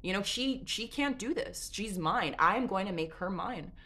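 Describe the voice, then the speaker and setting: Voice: medium pitch, expressive, a little slow, pushed and bright. Narrator putting on a cunning, self-important official, crude and insistent. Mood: angry. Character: entitled, persistent, cunning Roman official.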